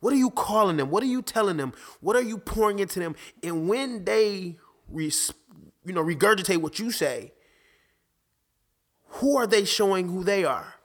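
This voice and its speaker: Male podcast host and dad, somewhat high voice, casual and lively, stumbles and restarts. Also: normal speed. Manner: animated, restarts often, acts out conversations. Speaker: father. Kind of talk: casual faith talk.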